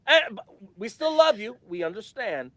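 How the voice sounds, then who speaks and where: A man co-hosting a podcast in casual chat, excitable and hyped, swearing freely. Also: high voice, moderate pace, a little hiss or hum. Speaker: podcast co-host.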